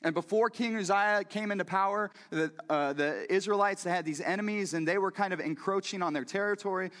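Preaching a conversational sermon, a man keeps putting questions straight to his listeners. His voice is high, brisk, and a bit bright, with a long reverb tail.

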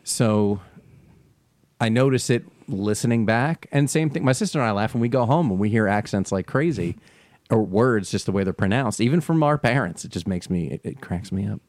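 A man's voice: on the low side, normal speed, no echo. A man from New Jersey with a New Jersey accent, hosting a podcast in casual chat and laughing often. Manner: laughs often, animated storyteller. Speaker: podcast host.

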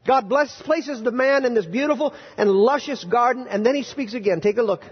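A man preaching with a strikingly high, husky voice. He is animated and teases his congregation with rhetorical questions and mock outrage. The sound is dull and muffled, with long reverb from a church sanctuary. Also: brisk. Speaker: pastor. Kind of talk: sermon.

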